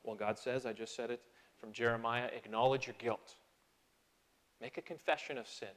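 A man preaching a sermon in church, earnest and conversational, swelling on key phrases and slipping into small restarts. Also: fairly quick. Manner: earnest, rises in pitch and loudness on key phrases. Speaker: pastor. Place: church sanctuary.

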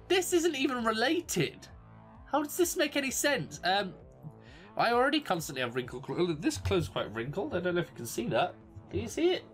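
A young man from England with an English accent, chatting casually and jokily to camera as a YouTuber, rambling and quick to exclaim. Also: high voice, a bit bright. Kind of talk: casual solo commentary. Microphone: desk microphone.

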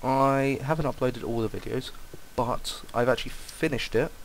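A man's voice: mid-range voice, normal speed, slight background noise, rough recording. A young man casually commenting on a game he is playing, rambling and distracted, often swearing and exclaiming. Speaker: Let's Play commentator.

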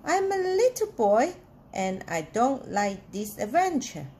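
A woman reading aloud, voicing a gentle little boy who is mistaken for a giant, in a plaintive, earnest way. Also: a little high, very animated, slow, a little hiss or hum.

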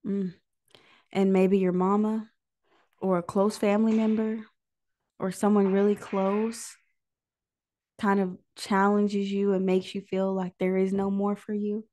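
A woman hosting a prayer livestream, preaching in an emotional, near-tearful way and pausing often to listen. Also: mid-range voice, little pitch movement, dark tone. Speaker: host of a prayer call livestream. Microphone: livestream microphone.

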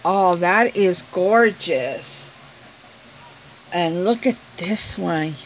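A woman's voice: lowish voice, extremely slow, slight background noise. A woman vlogger opening a gift package at home at night, gushing and laughing as she shows each item to her viewers. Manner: gushing, excited, laughs often, exclaims over each item. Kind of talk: casual unboxing chat to viewers.

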